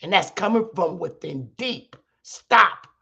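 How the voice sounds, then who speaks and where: A middle-aged woman hosting her own stream, talking bluntly and profanely to her audience and rising into sharp shouts at times. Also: mid-range voice, expressive, a little slow, slightly rough. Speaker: channel host teaching her audience. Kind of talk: heated livestream monologue.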